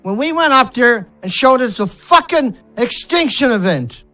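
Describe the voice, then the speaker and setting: A man's voice: very high voice, expressive, moderate pace, sharp tone, soft background music. A man ranting in outrage as an activist, firing rhetorical questions and strings of insults, with some swearing. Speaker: environmental activist vlogger. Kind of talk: angry ranting monologue.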